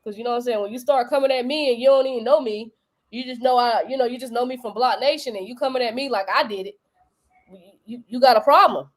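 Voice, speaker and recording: Young female host with a North Carolina accent, chatty and teasing, higher-pitched. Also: fast talker. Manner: animated, joking, slangy. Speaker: crypto show host. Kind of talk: casual live-stream chat.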